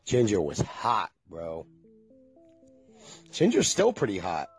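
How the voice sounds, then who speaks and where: Husky rambling middle-aged man. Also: low-pitched, huge pitch swings, slow, long pauses, soft background music. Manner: loose, nostalgic, swears freely. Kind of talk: casual rambling chat.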